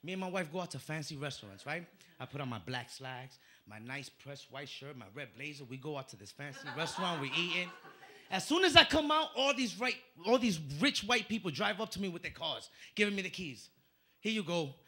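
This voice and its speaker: A man from the Dominican Republic doing a stand-up comedy set on a club stage into a handheld mic, telling stories with punchy, animated delivery. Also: fairly high pitch, a little fast. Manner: punchy, animated storytelling with acted-out voices.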